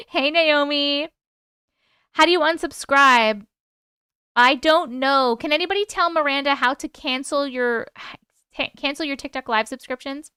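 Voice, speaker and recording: A woman's voice: high voice, normal speed, bright, forceful tone, dry recording, studio quality. A woman with a New York accent hosting a casual livestream, chatting away, greeting viewers by name and swearing now and then. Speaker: livestream host and storyteller.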